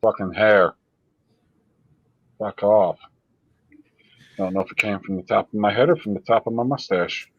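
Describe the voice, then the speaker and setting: In a dry, dull-sounding recording, a livestream host with a lowish voice talks casually. His chat is loose and profane, punctuated by quick bursts of laughter.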